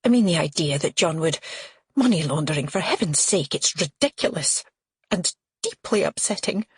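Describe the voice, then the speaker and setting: A neat, frosty older widow with a Scottish accent, clipped and proper, her voice quavering when upset, as a woman puts her on. The tone is slightly husky and a touch low. It sits close and dry with no room around it. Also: lively intonation, moderate pace, no room sound, exaggerated voice.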